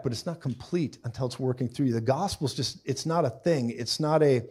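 A man's voice: mid-range voice, expressive, fairly quick, a little mellow, husky. A man preaching a live sermon in a conversational style, with frequent asides and quoted voices.

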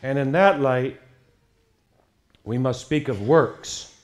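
A man pastor preaching an evening sermon, emphatic and swinging between hushed passages and loud outbursts. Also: medium pitch, takes it slowly.

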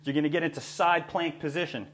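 Energetic man coaching floor exercises. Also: fairly high pitch, fast talker. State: breathing heavily. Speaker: fitness trainer. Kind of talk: exercise demonstration. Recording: echoey room with faint hum.

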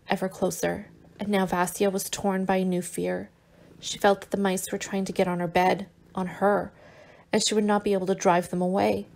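A woman reading a novel aloud as an audiobook, in measured, unhurried phrases. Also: medium pitch, creaky, darkish tone. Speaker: audiobook reader.

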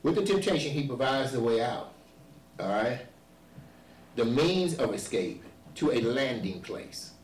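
A male pastor preaching a sermon, building to shouted emphasis and repeating himself to drive points home. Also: mid-range voice, animated, unhurried, long pauses, slight background noise. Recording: echoey church hall, voice from far off.

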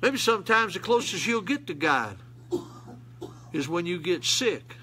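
A man's voice: high voice, big pitch swings, a little slow, bright, forceful tone, a little hiss or hum. An older man, preaching a sermon in a folksy manner that rises to emphatic calls. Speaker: pastor.

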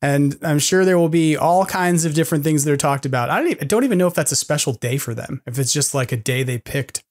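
A man hosts a casual podcast in a rambling, self-deprecating way, laughing between thoughts. His voice sits a little high. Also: fast talker. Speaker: podcast host.

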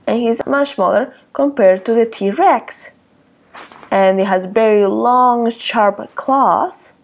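Slow, gravelly-voiced teacher reading to children. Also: female voice, mid-range voice, dull audio. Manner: expressive, exclaiming, asks children questions. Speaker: early years teacher. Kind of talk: circle-time lesson and picture-book read-aloud for young children.

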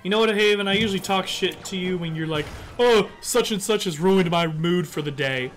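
A man's voice: sits high, brisk. A man co-hosting a game stream in casual chat, ranting and swearing heavily. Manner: profane, ranting, heavy swearing. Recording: loud game music under the voice.

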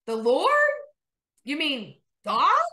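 A woman voicing a panicked man clinging to a cliff, shouting and pleading. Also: high-pitched, huge pitch swings, very slow, pitched above the performer's own voice, exaggerated voice. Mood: anxious.

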